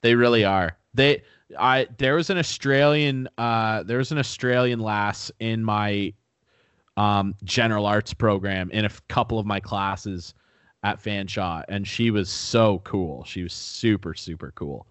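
A man's voice: fairly low pitch, measured pace, a bit bright, clear, resonant tone, no room sound. A young man co-hosting a podcast in casual chat, goofy and rambling, swearing freely. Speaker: podcast co-host.

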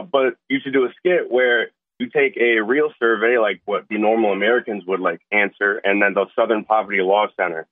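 Low-voiced man calling in on a phone line. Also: no echo. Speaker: caller. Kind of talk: phone call-in.

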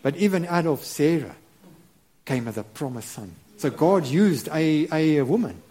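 A middle-aged man preaching a sermon, halting and earnest, with many repeated words and restarts. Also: fairly high pitch, lively intonation, dark tone, breathy edge. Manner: earnest and reverent.

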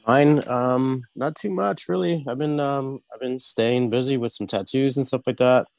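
A man's voice: mid-range voice, moderate pace, vocal fry, darkish tone, no room sound. A man tattoo artist, congested from a cold, chatting in a laid-back way on a video-call podcast, full of fillers. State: congested, under the weather. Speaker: tattoo artist, regular guest. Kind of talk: casual podcast chat.

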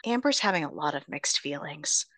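A woman's voice: deep voice, animated, normal speed, sharp tone, dry recording. A woman co-hosting a podcast, recapping a novel in casual chat with dramatic, suspense-building storytelling. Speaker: podcast co-host.

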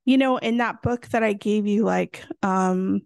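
Chatty gravelly-voiced woman podcaster. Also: medium pitch, unhurried, no room sound, studio quality. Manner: chatty, animated storytelling with many fillers. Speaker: podcast co-host. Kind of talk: casual chat.

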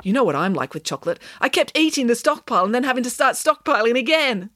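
A proud, excitable nanny makes grand announcements with a lively, swooping pitch, as a woman reads her lines. She is wild about chocolate and loves a dramatic reveal. The sound is dry and close. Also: fast, no echo.

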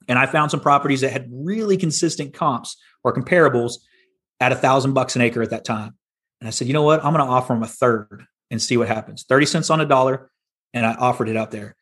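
A man, a podcast guest telling his business story in a plainspoken, folksy way. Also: mid-range voice. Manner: folksy, plainspoken, animated retelling. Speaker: podcast guest, land investor. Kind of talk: casual storytelling interview.

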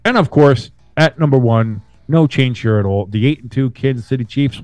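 Profane, animated man talking football. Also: medium pitch, moderate pace, few pauses, dry recording, soft background music. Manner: loose, profane, animated banter. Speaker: podcast host. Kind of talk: casual sports chat.

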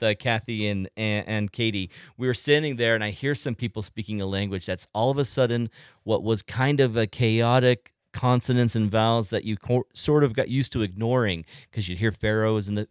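A man hosts a relaxed interview and tells his stories with bursts of animation, laughing often. His voice is smooth and clear, recorded dry and close. He sounds middle-pitched and easygoing. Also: dry recording. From United States. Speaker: podcast host. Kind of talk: casual interview chat.

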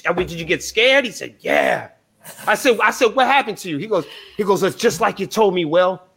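Profane high-voiced man telling stories. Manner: profane, animated storyteller acting out dialogue. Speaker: band member guest. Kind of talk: casual storytelling. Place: live podcast interview.

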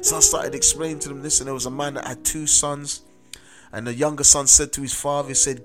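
A man's voice: mid-range voice, steady tone, brisk. Man preaching over music. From South London. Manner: emphatic, repeats "amen" and "listen to me". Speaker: host and street preacher. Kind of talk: sermon-style testimony. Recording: music playing underneath.

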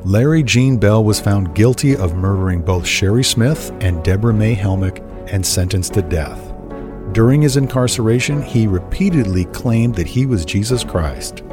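A man calmly narrating a scripted true-crime story meant to help listeners fall asleep, in an even, unhurried delivery. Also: on the low side. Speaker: narrator and host.

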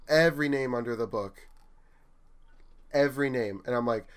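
A man's voice: medium pitch, normal speed, long pauses. A young man spins a story from his retail job in loose, casual chat. He slips into the voices of customers and coworkers as he goes. His voice sits in an ordinary middle range. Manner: animated storyteller, acts out quotes. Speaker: retail store manager telling work stories.

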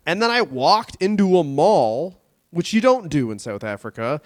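A fairly high-voiced man from Canada trades rambling, swear-laden stories as a podcast co-host. The recording is dry, with no room sound. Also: sing-song, moderate pace, no room sound. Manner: profane, rambling anecdotal storytelling. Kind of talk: casual comedic chat.

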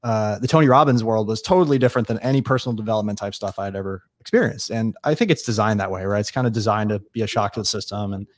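A man from New York State, a guest in a casual interview, telling stories quickly and acting out what people said. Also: fairly low pitch, no room sound, studio quality. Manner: fast, animated storyteller acting out dialogue.

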